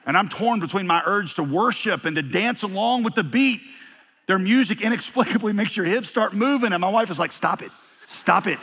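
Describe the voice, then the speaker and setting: Bright-voiced pastor preaching with humor. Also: male voice, sits high, lively intonation, brisk, big-room sound. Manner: humorous storytelling with many restarts. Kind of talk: sermon.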